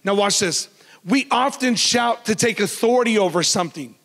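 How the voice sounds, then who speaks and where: The sermon comes from a man whose loud, lively voice sits high for his sex, delivered at a moderate pace. Long church-hall reverb surrounds him as he jokes freely with the people in the pews.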